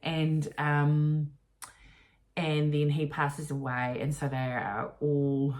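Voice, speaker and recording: Woman, New Zealand accent, low voice, chatty podcast co-host who slips and laughs. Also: flat delivery, takes it slowly, darkish tone. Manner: chatty, self-correcting, laughs easily. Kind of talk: casual chat.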